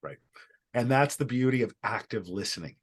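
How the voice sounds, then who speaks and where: A man's voice: mid-range voice, lively intonation, moderate pace, breathy edge. Man leading an online workshop. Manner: explanatory, stresses single words in a repeated sentence. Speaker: workshop facilitator.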